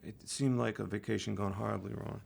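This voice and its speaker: Middle-aged guest actor, deeply gravelly, drawn-out pauses, casual radio chat. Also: male voice, steady tone, darkish tone. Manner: slow, halting, drawn-out answers full of uhs.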